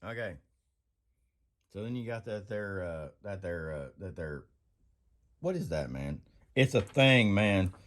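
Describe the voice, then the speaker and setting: A man hosting a casual workbench vlog, rambling and laughing, breaking into sudden high whoops. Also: expressive, a little slow, pauses often. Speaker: channel host. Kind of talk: casual tool-bench vlog.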